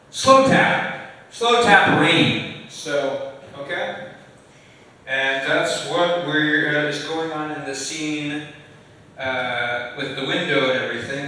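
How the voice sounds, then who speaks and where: A man's voice: a little high, sharp tone. A man lecturing on a film script to a class, chatty and joking with students. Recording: echoey hall, far from mic.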